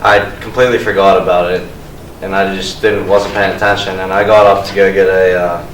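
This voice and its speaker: Casting: young male storyteller, low and monotone, loose rambling delivery; distant mic in an echoey room with faint noise. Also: a little fast. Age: young adult. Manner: rambling, with uh and restarts. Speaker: student storyteller. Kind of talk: comic personal story.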